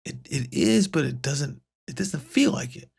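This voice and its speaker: A man's voice: a little high, expressive, moderate pace, vocal fry, a little mellow, breathy edge. A man casually reviewing a comic book, rambling with many fillers and restarts and paraphrasing the dialogue. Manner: paraphrases dialogue in a lightly raised voice. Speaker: comics podcast host.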